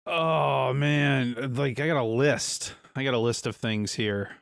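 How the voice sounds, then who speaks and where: A man's voice: medium pitch, takes it slowly, creaky, fairly bright tone, clean tone, dry recording, clean studio sound. A man co-hosting a podcast in rambling, laid-back casual chat, swearing now and then. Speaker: podcast co-host.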